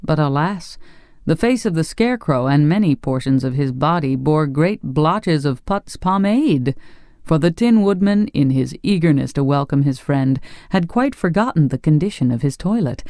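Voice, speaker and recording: An audiobook narrator reading a fantasy tale in a measured storytelling way. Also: mid-range voice, lively intonation, darkish tone, no echo, studio quality. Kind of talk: scripted narration.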